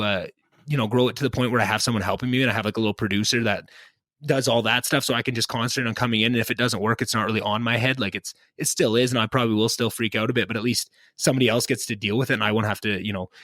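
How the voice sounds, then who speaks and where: Talking fast in a steady, mid-range, slightly bright voice, this young podcast host chats casually from his home basement. He rambles, restarts often, and puts himself down in asides. The podcast mic picks up no room sound.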